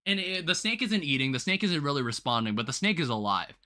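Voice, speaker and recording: A young man hosting a game livestream, chatting casually to his viewers in a rambling, animated way, full of restarts and quick laughs. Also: on the high side. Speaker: livestream host.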